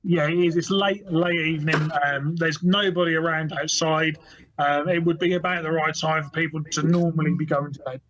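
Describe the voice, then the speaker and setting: A man's voice: fairly high pitch, fairly even intonation, normal speed, a bit bright, dull audio, a little hiss or hum. A man narrating a tabletop role-playing game as game master, in an easygoing, descriptive way with fillers.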